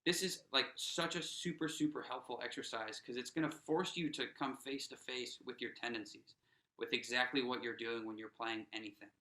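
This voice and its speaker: A man of middling pitch coaches drummers through a workshop, talking loosely with plenty of "um" and "you know" and counting the group in. His voice is bright and forward. The room around him rings with a roomy echo. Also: fairly even intonation, normal speed. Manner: casual, encouraging, many fillers and restarts; counts players in aloud. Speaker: snare drum instructor. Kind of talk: teaching a workshop lesson.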